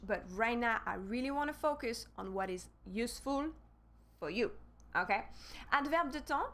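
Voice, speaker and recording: French-accented woman teaching brightly. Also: on the high side. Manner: lively, spells words out letter by letter. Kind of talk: live online language lesson.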